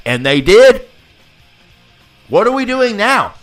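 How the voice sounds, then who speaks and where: A man's voice: high-pitched, big pitch swings, slow pace, long pauses, faint music behind. A man hosting a live talk show, ranting in a heated, profane way and repeating himself for emphasis. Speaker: podcast host. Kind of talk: casual profane political rant.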